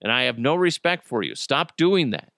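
A man's voice: medium pitch, sing-song, normal speed, vocal fry, fairly bright tone, dry recording, studio quality. A man hosting a podcast, rambling through a casual comic monologue with lots of swearing and laughing at his own jokes. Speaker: podcast host.

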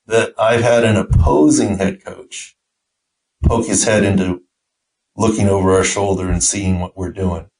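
A man's voice: fairly low pitch, darkish tone, low-quality recording. A middle-aged man, a podcast host and team doctor, telling an anecdote in a casual way and acting out the quoted voices. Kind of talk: casual storytelling.

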